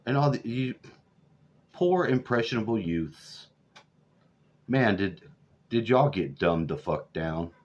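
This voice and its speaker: A man's voice: lowish voice, big pitch swings, takes it slowly, long pauses, darkish tone, slight background noise. A man over forty, ranting profanely and sarcastically in a rambling vlog. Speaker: vlogger. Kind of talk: profane political rant. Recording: dull lo-fi audio.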